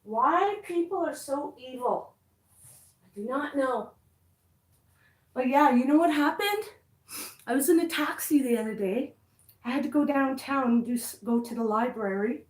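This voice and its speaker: A woman's voice: sits high, animated, a little slow, pauses often, recorded from a distance. A woman vlogger chatting casually to camera, reading out viewer comments and reacting bluntly, swearing when annoyed. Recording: roomy, from away from the mic.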